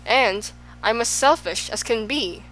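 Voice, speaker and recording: A woman voicing an excitable, fickle man who swings between extremes, in an audiobook. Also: fairly high pitch, a little slow, poor audio. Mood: boastful. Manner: exclaiming, swinging between moods.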